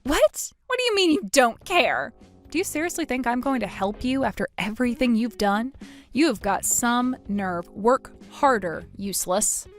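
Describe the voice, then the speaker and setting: A woman's voice: sing-song, normal speed, faint music behind. A woman voicing a desperate, self-pitying sister-in-law. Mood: indignant. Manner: pleading, whiny, pitch jumps high. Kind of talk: storybook narration.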